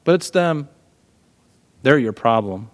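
A middle-aged man preaching a sermon in a conversational, animated way, full of rhetorical questions. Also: mid-range voice, takes it slowly, long reverb tail. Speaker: pastor.

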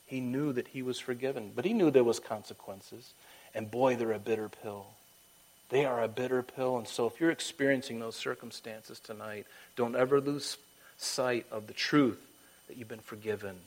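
Speaking at a normal speed, a male pastor delivers a sermon before leading a prayer. He's emphatic, alternating loud exhortation with soft, hushed passages, and now and then jumps into a high falsetto to play characters. The recording is rough.

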